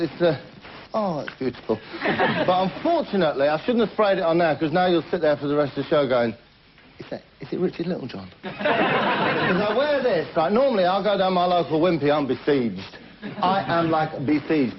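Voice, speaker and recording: Bloke doing cheeky rambling comedy patter, fairly high voice, muffled hissy old tv sound. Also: male voice. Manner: cheeky, rambling, tall tales with asides to the audience. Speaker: comedy show host. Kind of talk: stand-up monologue in character. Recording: muffled old TV recording with hiss.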